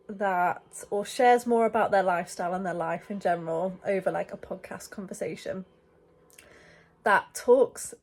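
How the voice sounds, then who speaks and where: A woman's voice: mid-range voice, a little mellow. Chatty young woman with a cold. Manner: chatty and rambling, many fillers. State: stuffy from a head cold. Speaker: vlogger. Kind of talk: casual chat to camera. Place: in bed, indoors.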